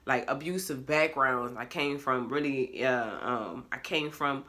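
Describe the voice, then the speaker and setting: A young woman speaks straight to her phone camera in a casual confessional vlog. Her voice is bright and clear, and her talk is candid, expressive and loose, with swearing and laughter mixed in. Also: extremely low pitch, measured pace. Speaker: vlogger. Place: bedroom at home.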